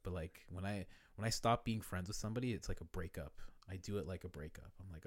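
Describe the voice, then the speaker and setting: A man chatting casually, animated and profane, often laughing and dropping from loud to quiet. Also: deep voice, fast talker. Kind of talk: casual chat.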